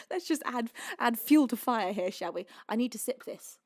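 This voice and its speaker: A woman's voice: a little high, lively intonation, a little slow, darkish tone, dry recording, clean studio sound. A British woman hosting a live music stream, emotional and overwhelmed, crying while laughing as she reads out gifts. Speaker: livestream singer host. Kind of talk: casual live-stream chat reading donations.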